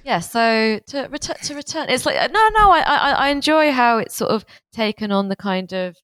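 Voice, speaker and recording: A woman's voice: fairly high pitch, moderate pace, fairly bright tone, smooth, no echo. A young woman co-hosting a podcast, chatting playfully in a rambling way with lots of fillers. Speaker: podcast co-host. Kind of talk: casual chat.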